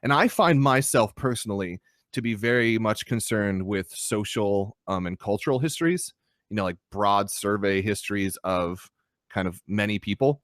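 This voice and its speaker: A man's voice: on the low side, moderate pace, no echo. Podcast co-host: young man, dry close sound, swears freely and rants with energy. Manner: animated, swearing, ranting critique. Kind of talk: casual podcast chat. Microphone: podcast microphone.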